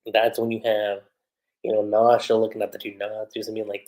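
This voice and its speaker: A man's voice: lowish voice, completely flat delivery, a little fast, darkish tone, rough recording. A man reviewing an anime on a livestream in a casual, rambling way, laughing often and acting out quotes. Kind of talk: casual livestream episode recap.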